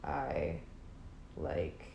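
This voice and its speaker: A woman's voice: very slow, muffled recording. A young adult woman hosting a podcast alone, chatting casually and rambling in a joking, self-mocking way. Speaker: podcast host. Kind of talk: casual solo chat. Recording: roomy with faint hiss.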